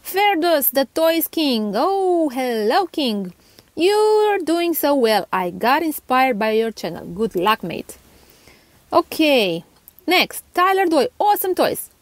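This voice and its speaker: Giggly high-voiced woman with Romanian accent. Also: big pitch swings, slow pace, no echo. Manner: chatty, giggly, stumbling over names. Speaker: toy channel host. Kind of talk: casual chat reading viewer comments.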